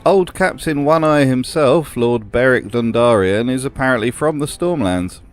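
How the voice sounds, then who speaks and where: Guy doing dry sarcastic commentary, mid pitch, faint music behind. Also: expressive, moderate pace. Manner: dry, sardonic. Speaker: host. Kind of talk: comedic commentary.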